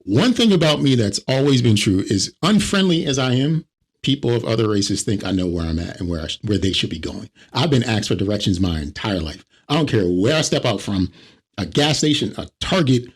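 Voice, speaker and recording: Man, podcast co-host, husky voice, lively swooping pitch, casual comedic chat. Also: a little fast. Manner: animated storytelling, mimics other people.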